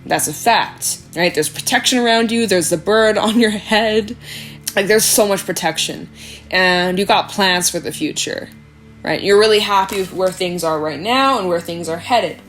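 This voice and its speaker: A woman giving a casual tarot reading, chatty and animated, swearing freely and acting out quoted voices. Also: mid-range voice, moderate pace. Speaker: tarot reader. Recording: faint background music.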